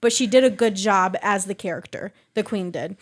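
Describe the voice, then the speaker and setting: A young woman on a podcast panel, retelling a movie's plot in a casual, animated way. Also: mid-range voice, moderate pace. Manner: animated retelling with acted quotes and laughs. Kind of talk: casual chat.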